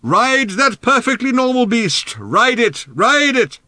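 An old tribal elder bellows over the din of a stampede, as a male narrator puts him on. The voice is pushed high and loud, rising and falling with force. The sound is dry and close, as in a storybook recording. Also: sing-song, unhurried, dry recording, exaggerated voice. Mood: shouting. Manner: bellowing over a thundering herd.

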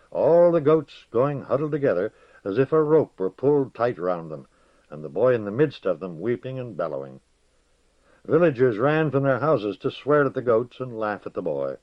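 A man reading a fantasy story aloud in a measured, steady way, his voice on the low side. The sound is dry and close, with a dull, lo-fi band. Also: no echo. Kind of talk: audiobook narration. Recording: dull lo-fi recording.

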